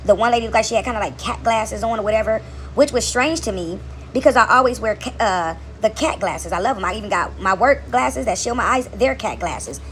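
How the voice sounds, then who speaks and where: A woman's voice: a little high, expressive, fairly quick, a little hiss or hum. A woman telling a long, rambling story to her camera from her couch at home, repeating words and checking in with "right?" as she goes. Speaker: vlogger.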